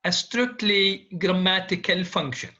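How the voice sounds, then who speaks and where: Male lecturer, slow and repetitive, drills students with questions, high voice. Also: pushed and bright. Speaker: university linguistics lecturer. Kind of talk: classroom lecture. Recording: dull lo-fi classroom recording.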